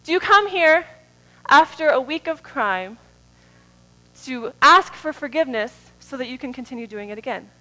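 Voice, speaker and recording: A woman preaching a sermon in a church, moving between soft, drawn-out phrases and loud, rising calls. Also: high-pitched, animated, soft background music, rough recording.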